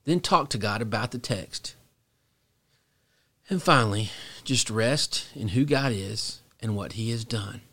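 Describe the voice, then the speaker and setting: A middle-aged man, a pastor, teaching on a devotional podcast in a slow, reflective and earnest way, dropping to a soft hush at pauses. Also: fairly low pitch, expressive.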